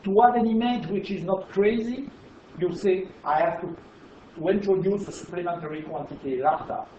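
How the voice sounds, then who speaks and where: In a roomy, dull-sounding lecture hall with slight background noise, a French-accented man delivers an emphatic physics lecture, pausing to check in with listeners. His high-pitched voice is mellow and comes at a normal speed.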